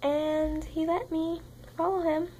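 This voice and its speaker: A woman's voice: very high voice, level tone, takes it slowly, warm tone, slight background noise, poor audio. A young woman vlogging in a rambling, casual chat to camera, swearing constantly and sounding tired. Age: young adult.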